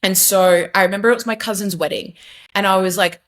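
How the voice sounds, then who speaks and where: A woman's voice: medium pitch, fairly even intonation, a little fast, a bit bright. A young adult woman, a podcast guest, giving an earnest, emphatic personal testimony in casual conversation, with many fillers and restarts.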